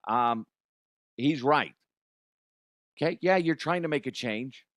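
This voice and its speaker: Blunt, cursing sports-show host, animated delivery, dry close sound. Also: male voice, medium pitch, slow pace, dry recording. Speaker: sports comedy podcast host. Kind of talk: profane sports rant.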